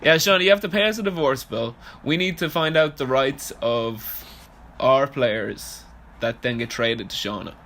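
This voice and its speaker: A young man, co-hosting a casual podcast, joking and swearing in animated banter. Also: mid-range voice, moderate pace, few pauses. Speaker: podcast co-host.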